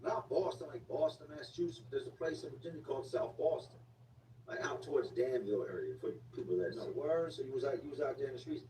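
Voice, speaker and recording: A man with a medium-pitched, warm voice talks fast, spinning a story in loose street slang and repeating words for emphasis. The recording sounds echoey, with a distant mic and faint background noise.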